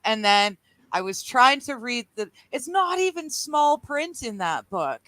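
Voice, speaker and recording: A woman's voice: on the high side, sing-song, a little slow, fairly bright tone, no echo. Chatty middle-aged woman, dry sound. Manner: laughs easily, chatty and self-mocking. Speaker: livestream co-host. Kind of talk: casual chat.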